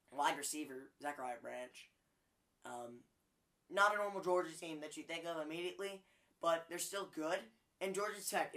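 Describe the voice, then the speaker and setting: A man's voice: on the high side, a bit bright. A man hosting a sports show, handing out weekly college football awards in a chatty, joking way with frequent fillers. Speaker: sports podcast host. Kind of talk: casual sports commentary.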